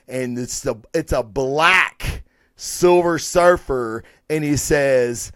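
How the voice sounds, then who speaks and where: A man casually reviewing comic books. He talks excitedly, swears freely and hypes what he reads. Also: medium pitch, slow pace, no room sound, clean studio sound.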